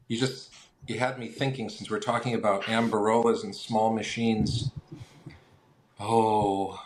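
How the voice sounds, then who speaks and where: A man, a guest on a collectors' chat, telling lively anecdotes and acting out the people in them. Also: fairly low pitch, a little hiss or hum. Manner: lively anecdotal storyteller with acted quotes. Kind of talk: casual storytelling.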